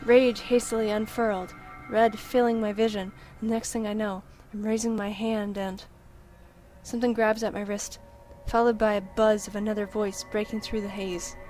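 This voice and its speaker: Woman reading a story game out loud, tense n dramatic, mid voice. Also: mid-range voice, little pitch movement, normal speed, soft background music. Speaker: let's-play reader. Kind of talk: dramatic first-person game narration read aloud.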